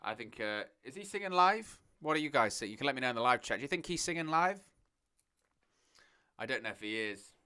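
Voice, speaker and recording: A man hosting a live watch-along, talking in a chatty, off-the-cuff way as he reacts and addresses his viewers. His voice is bright and forceful, with a crisp, smooth clarity. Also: medium pitch, animated, brisk. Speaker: host of a wrestling watch-along stream. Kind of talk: live watch-along commentary, reading chat.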